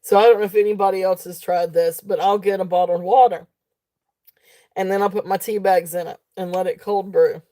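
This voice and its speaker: A woman's voice: mid-range voice, steady tone, fairly quick, dark tone. A woman hosting a live jewelry sale stream, chatting casually in a rambling way with frequent laughter. She sounds sleepy and keeps yawning.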